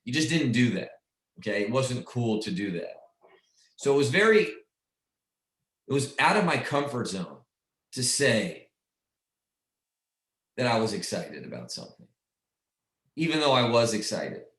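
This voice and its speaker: A man's voice: mid-range voice, sing-song, a little slow, pauses often, a bit bright. Emphatic male trainer in an echoey room. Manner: emphatic, checks in with frequent "right?". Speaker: sales trainer. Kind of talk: coaching a training session.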